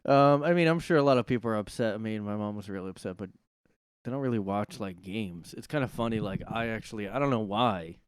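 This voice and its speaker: A man's voice: on the low side, fast talker, clear, resonant tone, no echo, studio quality. A man from South Jersey hosting a casual solo podcast, rambling and joking with lots of fillers. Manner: rambling, filler-heavy and jokey. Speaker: podcast host. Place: his own room.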